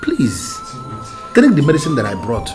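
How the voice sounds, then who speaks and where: A man's voice: medium pitch, wildly swooping pitch, normal speed, darkish tone, faint music behind. An actor with a Nigerian accent playing a brother who insistently urges a sick man to take medicine. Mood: coaxing. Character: pushy younger brother and uncle.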